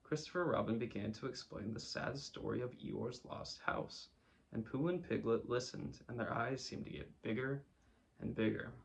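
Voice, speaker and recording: A man narrating a children's storybook in a gentle, measured reading voice. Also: medium pitch, vocal fry, poor audio. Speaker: storybook reader.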